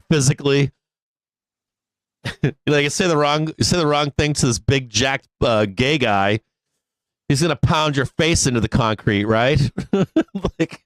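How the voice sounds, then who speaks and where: The host of a stock market livestream, his voice on the high side and with no room sound, keeps the chat casual and profane. He laughs frequently, curses heavily, and goes on rants.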